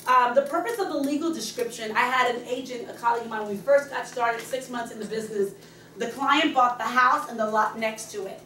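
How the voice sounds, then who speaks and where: A middle-aged woman in real estate talks her team through her routine with quick, passionate energy, getting loud when she is excited. Her voice sits a little high and rings around an echoey meeting room, picked up from a distance with faint room noise. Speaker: real estate agent guest speaker. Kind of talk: training talk to a team meeting. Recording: echoey room, speaker far from the camera mic.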